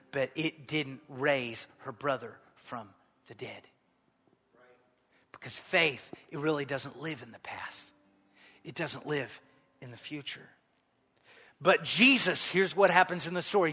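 A man preaching a sermon to his church, moving between quiet pleading and loud exhortation. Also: on the high side. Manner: swings from hushed appeals to loud exhortation. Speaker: pastor. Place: large church sanctuary. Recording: long hall reverb.

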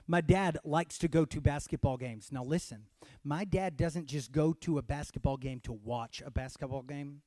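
A man's voice: fairly high pitch, moderate pace, no echo, studio quality. Dramatic Texas-born man preaching a sermon. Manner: dramatic, swings from hushed to shouting. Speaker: pastor.

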